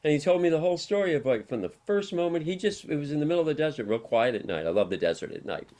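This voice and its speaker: A man's voice: a little high, lively intonation, fast, mellow. Middle-aged man telling rambling stories. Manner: rambling, anecdotal, laughs often. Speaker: interview guest, harm reduction worker. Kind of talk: casual storytelling interview.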